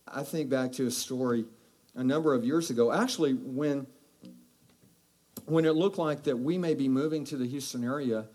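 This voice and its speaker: A man from Texas preaching with a fairly high voice. He exhorts his listeners with repeated rhetorical questions and rising, animated calls. The delivery sways between quiet storytelling and fired-up appeals. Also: normal speed. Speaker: pastor. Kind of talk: sermon.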